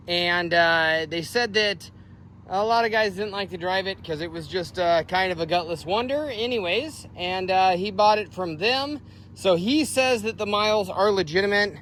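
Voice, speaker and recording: A man with a high, bright voice gives a loose, rambling walkaround of a truck he is selling outdoors. He talks casually, stumbling over fillers as he goes. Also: a little hiss or hum. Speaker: vehicle seller. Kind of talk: casual walkaround sales video.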